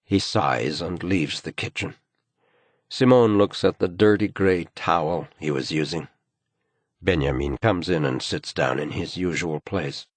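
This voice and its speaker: A man narrating an audiobook thriller, with an expressive storytelling delivery. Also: sits low, measured pace, slightly rough, no echo. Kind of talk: scripted narration.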